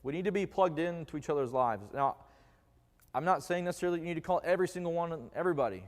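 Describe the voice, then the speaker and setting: A man with a somewhat high voice preaches in a church sanctuary, his words trailing off in a long hall reverb. He keeps it conversational and jokey, quizzing the congregation as he goes. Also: fast. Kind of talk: conversational sermon.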